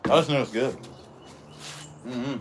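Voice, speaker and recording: A man's voice: mid-range voice, unhurried, a little hiss or hum. A middle-aged man rambling in a folksy way on a live stream, talking while chewing as he works on a chainsaw in his workshop. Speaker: livestream host, chainsaw carver. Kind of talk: casual live-stream chat.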